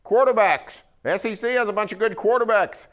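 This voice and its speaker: Smooth-voiced Oklahoma man talking football. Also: high-pitched, a bit bright. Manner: folksy, opinionated, pauses with "uh". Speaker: sports columnist co-host. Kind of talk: casual sports talk.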